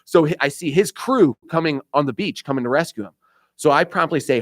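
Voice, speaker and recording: Animated storytelling man, dry studio sound. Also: fairly high pitch, fast, no room sound. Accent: Indiana. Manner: animated storyteller, acts out voices, laughs often. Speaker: radio show host. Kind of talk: casual storytelling chat.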